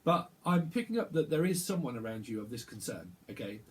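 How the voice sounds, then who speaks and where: A male tarot reader gives a channeled reading at average pitch with a sing-song lilt. His delivery rambles and halts, with lots of repetition.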